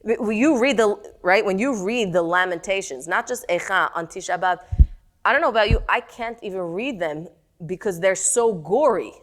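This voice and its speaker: A middle-aged woman teaching a text-study class, animated and questioning her students. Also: mid-range voice, moderate pace.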